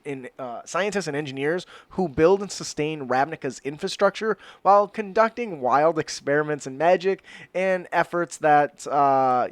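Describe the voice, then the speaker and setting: A man's voice: on the high side, no echo. A man co-hosting a podcast, chatting casually, joking and tripping over fantasy names as he reads. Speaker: podcast co-host. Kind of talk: casual chat reading setting notes.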